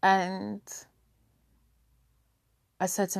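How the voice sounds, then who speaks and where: Speaking openly about her feelings, a woman grows tearful as she halts and gropes for the right words. Her voice sits at medium pitch, and the studio recording is clean with no room sound.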